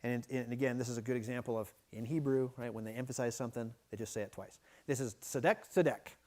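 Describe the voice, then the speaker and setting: A man preaching a midweek Bible study sermon, teaching in a conversational way that is often broken by restarts and quick "right?" checks. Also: medium pitch, steady tone, darkish tone. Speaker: pastor. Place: church.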